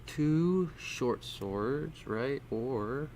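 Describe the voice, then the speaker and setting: A man's voice: medium pitch, animated, extremely slow, a little mellow, a little hiss or hum. A man running a tabletop game as dungeon master, explaining rules and calling out dice rolls.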